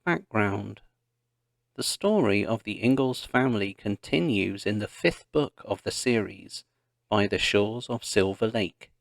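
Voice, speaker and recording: A man narrating a children's historical story in a deliberate read-along style. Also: fairly low pitch, creaky, no echo, clean studio sound. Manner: slow, deliberate reading.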